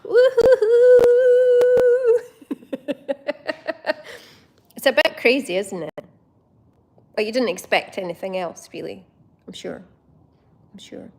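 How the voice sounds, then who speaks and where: A woman's voice: medium pitch, lively intonation, takes it slowly, gravelly, long pauses, breathy edge. A Scottish woman hosting a casual livestream, bubbly and laughing often as she chats to viewers by name. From Scotland. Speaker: livestream host. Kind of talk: casual live chat with viewers.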